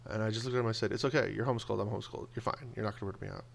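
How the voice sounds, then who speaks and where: A man telling personal stories in a casual monologue, animated and acting out the voices of people he quotes. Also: lowish voice, racing, creaky, a little hiss or hum. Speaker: video blogger.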